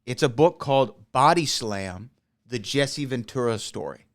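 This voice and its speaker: A man's voice: medium pitch, animated. A man co-hosting a wrestling podcast. He tells stories eagerly in casual chat, often restarting his sentences. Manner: eager storytelling with quick restarts. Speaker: podcast co-host.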